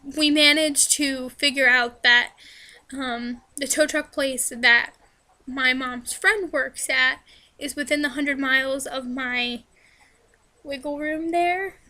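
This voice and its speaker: A young woman talks into her camera, her high voice bright and sharp. She rambles with plenty of fillers and restarts, and her voice sounds a little hoarse. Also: steady tone, slow. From New Jersey. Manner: chatty, rambling, many fillers and "like". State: hoarse, voice straining. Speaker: vlogger. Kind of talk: casual Q&A storytelling.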